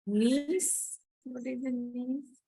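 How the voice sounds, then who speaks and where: A woman student asking questions in halting English, searching for the right words. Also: sits high, fairly even intonation, mellow, dry recording.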